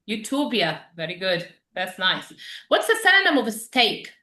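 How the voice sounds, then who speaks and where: A woman teaching an English vocabulary class, patient and quick with praise as she explains words. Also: medium pitch, big pitch swings, pushed and bright, roomy sound.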